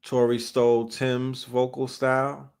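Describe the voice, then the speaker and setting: A man from New York hosts a casual livestream and chats about hip hop. He talks in loose street slang and reacts to what the chat says. His voice sits at a middle pitch for a man. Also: little pitch movement, measured pace, darkish tone, clean tone. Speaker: livestream host.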